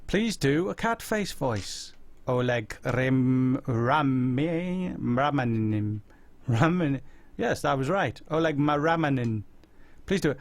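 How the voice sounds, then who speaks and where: A man's voice: mid-range voice, slow, no room sound. Rambling man hosting a live chat. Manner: rambling, deadpan silly humor. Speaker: host. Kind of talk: casual live-stream chat.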